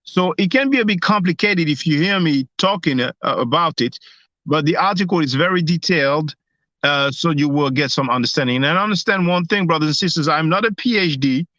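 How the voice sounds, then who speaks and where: A man hosts a live stream from his phone and speaks in a fairly high voice. He hesitates often and restarts his sentences. The sound is muffled and dry, with no room echo. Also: fairly quick, sharp tone. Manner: hesitant, many restarts and fillers. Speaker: host.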